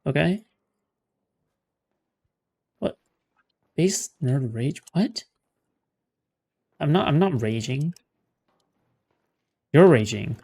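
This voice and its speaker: Guy streaming a game, slightly high voice, sarcastic and sweary the whole time. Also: lively intonation, drawn-out words, vocal fry, long pauses, mellow, slightly rough. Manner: sarcastic, profane ranting. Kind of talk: live gameplay commentary.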